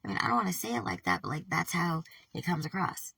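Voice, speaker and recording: A woman talking to camera in a rambling, halting personal monologue, swearing often, trailing off mid-thought and sometimes dropping to a whisper. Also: on the low side, big pitch swings, creaky, pushed and bright, breathy edge, no room sound, distant mic. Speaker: vlogger.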